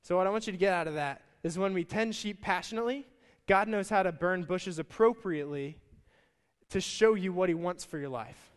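A man preaching a sermon in a lively conversational way, calling his listeners guys, at a church service. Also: sits high. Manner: energetic, conversational, addresses crowd as guys. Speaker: pastor. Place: church service with stage and band. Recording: long church hall reverb.

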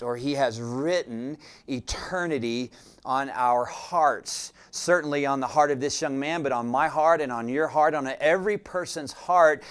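A man preaching a sermon as pastor, speaking in a deliberate, reflective way with frequent "uh" fillers. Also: a little high, clear, resonant tone.

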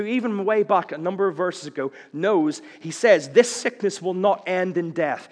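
A man's voice: high-pitched, long reverb tail. A man preaching a sermon in a conversational way, with wry jokes and questions to the listeners.

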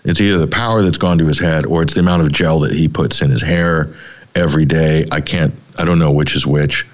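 A man's voice: a bass voice, fairly even intonation, fairly quick, lo-fi sound. A middle-aged man hosting a talk show, giving rambling, sardonic commentary with frequent restarts. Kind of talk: opinionated commentary.

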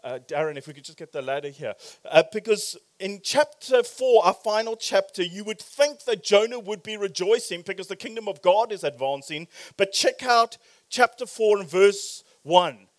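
A man preaching a sermon in a church, animated, swinging from loud exclamations to quiet, probing questions. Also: high voice, normal speed. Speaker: pastor.

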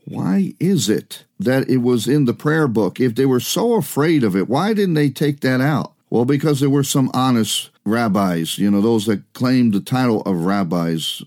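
A man delivers a broadcast sermon in a plain, mid-range voice. He talks as much as he preaches, posing rhetorical questions and answering them himself, with frequent small "uh" hesitations. His pace swings from quick runs to slow, stressed words. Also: medium pitch, animated, a little mellow. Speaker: radio preacher.

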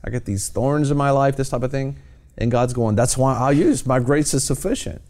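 A man's voice: mid-range voice, brisk, darkish tone. A man hosting a Christian television program, talking about faith in a fervent, exhorting preacher's cadence. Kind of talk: evangelistic TV talk.

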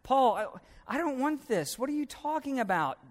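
A man preacher voicing an incredulous listener who mocks and rapidly argues back at Paul. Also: very high voice, big pitch swings, big-room sound, pitched above the performer's own voice. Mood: balking. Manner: rapid, mocking, exasperated.

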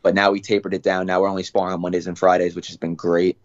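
A young adult man, a fighter guest, talking through his training routine in a relaxed, casual way. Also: low voice, muffled recording. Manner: relaxed, talks fast with fillers and restarts. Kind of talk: casual interview.

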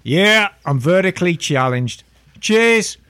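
A man's voice: sits high, lively intonation, takes it slowly, a bit bright, heavily acted. A man reading out a letter as a middle-aged Australian motorcycle fan, in an Australian accent. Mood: cheery. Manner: reading a letter aloud, cheery.

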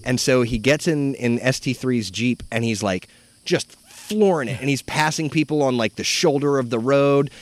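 A man's voice: mid-range voice, normal speed. A man co-hosting a casual chat, retelling a story loosely with lots of fillers. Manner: relaxed, rambling storytelling with many fillers. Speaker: podcast co-host.

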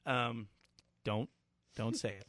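A man co-hosting a podcast, telling stories in a profane, excitable, joking way. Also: medium pitch, no echo, clean studio sound. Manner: excitable, profane storyteller, fast and loud. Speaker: podcast co-host. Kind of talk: casual chat.

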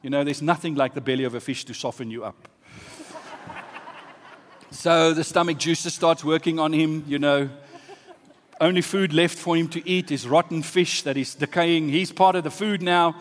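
Animated preacher man in a reverberant hall. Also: on the high side, normal speed, a little hiss or hum. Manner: storytelling, swinging from hushed asides to loud exclamations. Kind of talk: sermon.

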